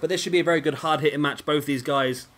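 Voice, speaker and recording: A man's voice: a little high, steady tone, fast talker, a bit bright, faint music behind. Chatty man commentating a wrestling game. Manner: rambling, self-questioning, chatty. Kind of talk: casual play-by-play commentary.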